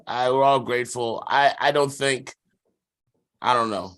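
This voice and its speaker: A man in loose, casual podcast chat. He rambles through fillers and slang and laughs often, in a voice that is neither high nor low. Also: measured pace, a bit bright, smooth. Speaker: podcast co-host.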